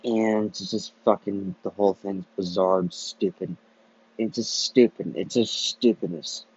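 A man's voice: on the low side, steady tone, unhurried, a little mellow, breathy edge. A man hosting a solo podcast, ranting in a profane, repetitive way and often restarting his sentences. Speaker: podcast host. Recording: dull lo-fi recording.

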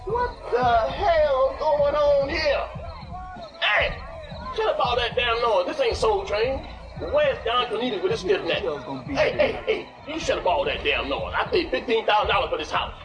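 An actor playing a cranky, loud father who hollers and cackles at noisy party kids, heard in a dull film clip with music behind. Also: extremely high pitch, big pitch swings, normal speed, a crowd in the background. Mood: irritated. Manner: hollering, blustery, cursing, cackling. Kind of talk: comedy film acting.

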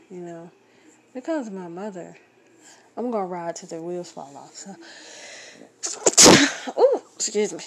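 A woman's voice: lowish voice, darkish tone, a little hiss or hum. A young woman from Florida, hosting a podcast and ranting bluntly, rambling and swearing while she has a cold. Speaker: podcast host. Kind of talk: casual ranting monologue.

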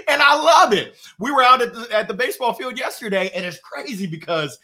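A man guest, a motivational speaker and coach, telling stories in casual podcast talk, laughing often and jumping up in pitch for emphasis. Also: a little fast, hardly any pauses. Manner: animated storyteller who laughs often and jumps in pitch for emphasis.

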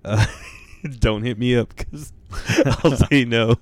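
A man's voice: mid-range voice, takes it slowly, dry recording. A young man co-hosting a casual chat, blunt and teasing, with frequent swearing. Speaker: podcast co-host.

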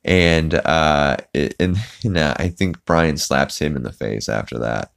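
A man's voice: very deep voice, measured pace, creaky. A man hosting a podcast, recapping an episode casually in a rambling way with many fillers. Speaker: podcast host.

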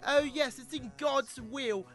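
A preachy, earnest churchgoer dreaming of a cafe, as a man puts him on. His bright voice drops soft and solemn. It plays like a radio sketch. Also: very high-pitched, unhurried, faint music behind, pitched above the performer's own voice. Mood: pious. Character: pious earnest church cafe renovator, male.

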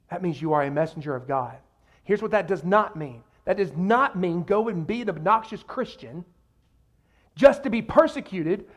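A man preaching a sermon in a lively, conversational way, often acting out quoted voices and using casual asides. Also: sits high, moderate pace. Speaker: pastor.

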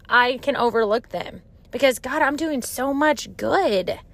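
A woman's voice: on the high side, fairly bright tone, clear, resonant tone. A woman hosting a podcast and giving an earnest, heartfelt devotional talk. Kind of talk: devotional teaching.

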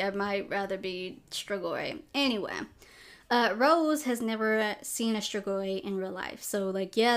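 A young adult woman hosts a casual podcast and recaps a movie in a rambling, conversational way. She fills her sentences with "like" and often restarts them. Her voice sits at an ordinary middle pitch. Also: clear, resonant tone. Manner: chatty, rambling, lots of "like" fillers. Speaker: podcast host. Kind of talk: casual film review commentary.

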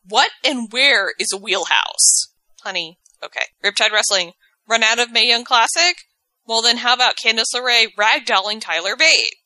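A woman's voice: fairly high pitch, moderate pace, pushed and bright, no echo, poor audio. A woman co-hosting a podcast, casually reading social media posts aloud with playful asides. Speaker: podcast co-host.

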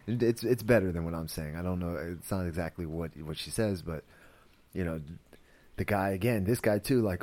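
A man with a low voice talks through his podcast in a casual, wandering way. He restarts his sentences often and fills the gaps with "like" and "you know". He sounds earnest and easily moved. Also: moderate pace, a little mellow. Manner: rambling, with many fillers and restarts; earnest and emotional. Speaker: podcast host. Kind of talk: casual spoken commentary.

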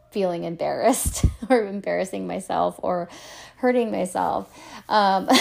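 A woman's voice: medium pitch, gravelly, a little mellow. A woman in her thirties hosting a podcast, telling stories in a chatty, self-deprecating way with lots of fillers. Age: 30s. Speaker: podcast host and coach. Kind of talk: casual chat.

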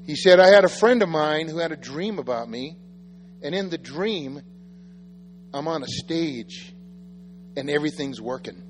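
High-voiced man telling sermon stories. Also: measured pace, long pauses. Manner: animated, self-deprecating, acts out quotes. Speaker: pastor. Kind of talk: sermon storytelling. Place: church sanctuary. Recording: reverberant church hall with faint music.

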